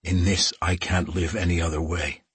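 An intense immortal warrior, read by a male narrator, presses his case with insistent pleading. The voice is deep and very husky. It is recorded dry and close. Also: flat delivery, normal speed, fairly bright tone, no echo, exaggerated voice.

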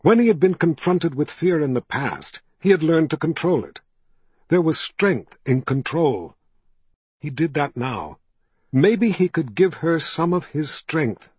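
A man narrating a fantasy novel as an audiobook, telling the story in a measured, steady way. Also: on the high side, breathy edge, no room sound.

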